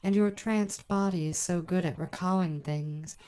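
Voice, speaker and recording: A woman guiding a hypnosis session in a soft, measured, hypnotic voice, counting slowly. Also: fairly low pitch, clean tone. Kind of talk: slow guided hypnosis narration.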